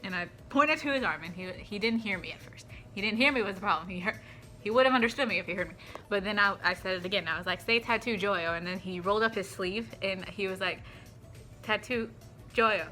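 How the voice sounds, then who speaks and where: A young woman with a bright, forceful voice chats casually to her camera like a fan who cannot contain herself. She gushes and repeats herself, then sinks into soft murmurs, with faint music playing underneath. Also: medium pitch, quick pace. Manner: gushing, excitable fan talk that drops to soft murmurs. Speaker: vlogger. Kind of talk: casual chat.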